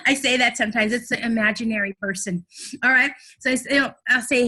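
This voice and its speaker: Young woman trainer, high-ish voice, chatty and bubbly, acts out calls. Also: a little fast, pushed and bright. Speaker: direct sales trainer. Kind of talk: casual training talk.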